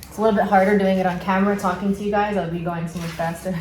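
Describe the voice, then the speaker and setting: A woman's voice: mid-range voice, steady tone, rapid-fire, darkish tone. Chatty New York woman in an echoey room. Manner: chatty, with frequent fillers and self-corrections. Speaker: plant vlogger. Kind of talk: casual how-to vlog. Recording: echoey room with clear background noise.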